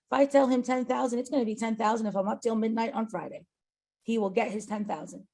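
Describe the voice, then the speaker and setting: Emphatic woman with a gravelly voice. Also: fairly high pitch, fairly even intonation, quick pace, darkish tone. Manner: emphatic, earnest, tag questions. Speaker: agency owner. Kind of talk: motivational talk on a company call.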